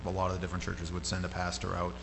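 A man preaching a sermon in a loose, conversational way. His voice jumps up sharply when he gets animated. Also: low-pitched, very fast, gravelly. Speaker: pastor. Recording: hall reverb with faint hum.

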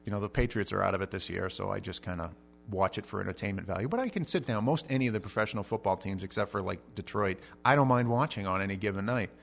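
Animated male pastor preaching. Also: fast talker, creaky, slight background noise. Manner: animated storytelling with big swings in pitch and loudness; repeats words when starting sentences. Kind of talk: sermon.

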